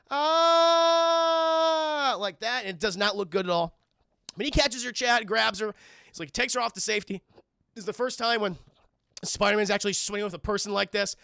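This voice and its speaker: Guy on a stream going scene by scene, swears a lot, bright edgy voice, dry room. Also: sits high, creaky, dry recording. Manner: profane, animated, talks to chat; acts out lines in put-on voices. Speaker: livestream host. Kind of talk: casual film review stream.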